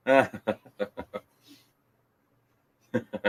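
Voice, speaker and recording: A man's voice: lowish voice, steady tone, extremely slow, breathy edge. A man hosting a casual live stream, reading comments aloud, teasing and laughing often with stumbling restarts. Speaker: podcast host reading live chat.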